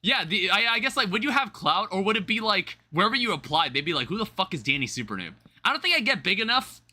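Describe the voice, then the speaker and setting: High, bright-voiced young male streamer. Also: expressive, fast talker. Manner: rambling, chatty, casual swearing. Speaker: livestreamer. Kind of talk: casual live-stream chat.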